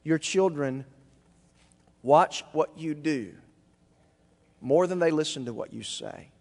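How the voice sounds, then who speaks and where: A male pastor preaching a sermon emphatically, rising to near-shouts and then dropping low. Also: long reverb tail.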